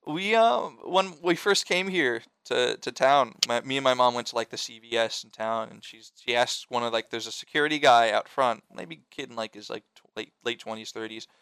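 Young man, casual storyteller, profane and rambling; bright tone, dry close sound. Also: medium pitch, normal speed, gravelly, hardly any pauses, clean tone, dry recording. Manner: rambling, profane, lots of fillers and restarts. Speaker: storyteller among friends. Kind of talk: casual chat.

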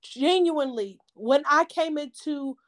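High-voiced woman preaching with fervor. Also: unhurried. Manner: emphatic, repeating phrases like a sermon. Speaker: podcast host. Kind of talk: impassioned testimony, preaching cadence.

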